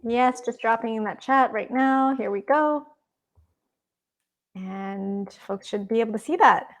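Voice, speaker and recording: A woman's voice: on the high side, unhurried. A woman co-hosting a live online lesson on a video call, passing on audience questions in brief, friendly replies. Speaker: co-host reading audience questions.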